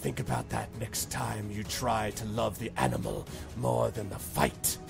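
A man voicing a cloaked enemy in a tabletop game who quietly mocks the players. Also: lowish voice, sing-song, a little slow, creaky, over music, exaggerated voice. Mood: sneering. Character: sneering cloaked humanoid enemy, cruel and mocking.

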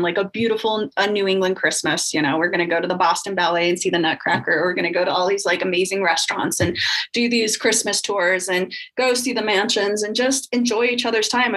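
A woman's voice: mid-range voice, a bit bright, rough recording. A woman guest recounting a painful family story in a candid, emotional conversational way, with many fillers. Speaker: podcast guest.

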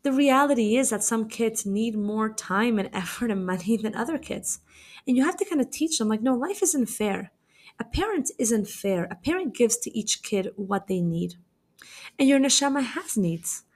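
A young adult woman, a dating coach and matchmaker, hosts a podcast with a casual advice monologue built around stories, full of fillers like "you know." Her voice is fairly high and expressive, and she speaks at a moderate pace.

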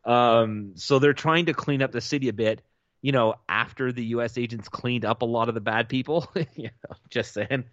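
A man's voice: medium pitch, normal speed, fairly bright tone, dry recording, dull audio. A man co-hosting a podcast, reading news with sarcastic commentary and frequent laughs. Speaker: podcast co-host. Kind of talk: casual chat and news commentary.

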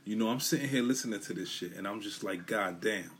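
Casting a New man as a solo podcast host, with a low voice and a loose, cussing street delivery. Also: quick pace. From Brooklyn, New York. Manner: loose, emphatic, profane street talk. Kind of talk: casual solo podcast monologue.

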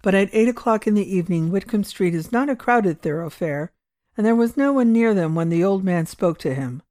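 A woman's voice: mid-range voice, lively intonation, brisk, mellow, no echo. Dry, close woman narrating a story. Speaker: audiobook reader.

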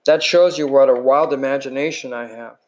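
A man reading a first-person novel aloud, his pitch sitting right in the middle for a man. His delivery is unpolished, with slips and restarts, like an amateur reading at home. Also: fairly even intonation, brisk. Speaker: reader.

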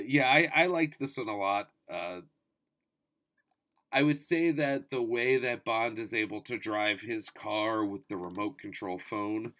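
A man in his thirties talking casually about movies, with wry asides, swearing, and sudden animated jumps in pitch and volume. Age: 30s. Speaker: movie reviewer. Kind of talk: casual spoken movie review.

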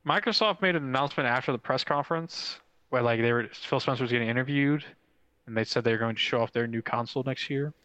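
A young man talks games on a podcast, voice close and dry against the mic. He rushes through excited stories full of "like" and the odd swear, his pitch sitting in a middle range. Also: smooth, no room sound, poor audio. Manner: excitable, fast storytelling with swearing and many fillers. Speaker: podcast co-host. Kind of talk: casual gaming chat.

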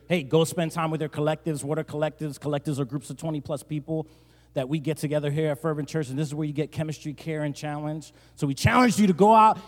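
A male pastor from New Jersey preaching a sermon, telling a joking story and rising to loud, emphatic bursts. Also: on the high side. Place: large church hall. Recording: long church-hall reverb.

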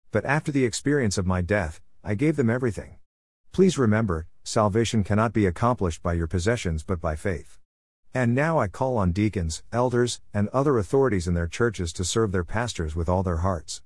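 Man, low voice, dry close sound, solemn scripted testimony narration. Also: darkish tone, dry recording.

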